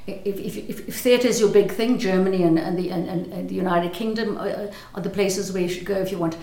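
A woman's voice: mid-range voice, steady tone, a little fast, dark tone, echoey room. An older South African woman with a South African accent, an actress speaking in an interview, thoughtful and hesitant with frequent restarts.

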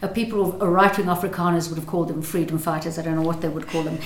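A woman's voice: fairly low pitch, steady tone, fast, echoey room, slight background noise. An older South African woman with a South African accent, an actress speaking in an interview, thoughtful and hesitant with frequent restarts.

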